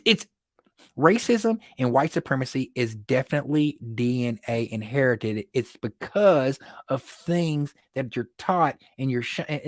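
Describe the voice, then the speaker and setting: A man hosting a casual livestream, telling stories in an excitable way, laughing often and repeating words when worked up. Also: medium pitch, no room sound, studio quality. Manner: animated, excitable storytelling with frequent laughs. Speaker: livestream host.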